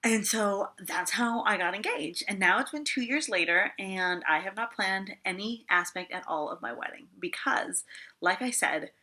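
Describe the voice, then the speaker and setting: Her pitch is medium and her tone sharp, and she speaks at normal speed with animated delivery. This young vlogger in her twenties chats her way through a story, laughing frequently, cursing plenty, and filling gaps with "like."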